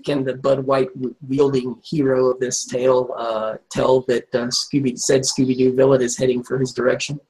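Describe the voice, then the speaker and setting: A man's voice: mid-range voice, flat delivery, moderate pace, few pauses, darkish tone, poor audio. A man narrating a tabletop game in a rambling, casual way with many fillers.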